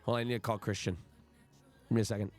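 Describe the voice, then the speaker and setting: A man streaming live, telling a travel story to his chat in an animated, profane and exasperated rant. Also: on the low side, racing, soft background music.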